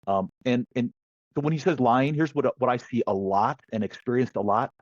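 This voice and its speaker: Lively storytelling man, muffled dry sound. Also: medium pitch, moderate pace, dry recording. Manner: lively storyteller who acts out quoted voices. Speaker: sales negotiation guest. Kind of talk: conversational podcast interview. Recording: dull, slightly lo-fi dry sound.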